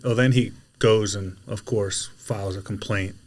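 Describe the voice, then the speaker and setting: A man in casual podcast chat, telling a story with lots of energy and shouting out quoted lines. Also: fairly low pitch, steady tone, normal speed. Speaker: podcast guest, delivery driver.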